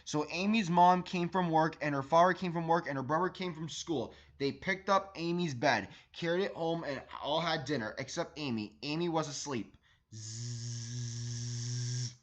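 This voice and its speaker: Guy doing a kids' read-along, high voice, trips over his words a lot. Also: moderate pace, hardly any pauses, poor audio. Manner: enthusiastic, stumbles and repeats words. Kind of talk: children's storybook read-aloud.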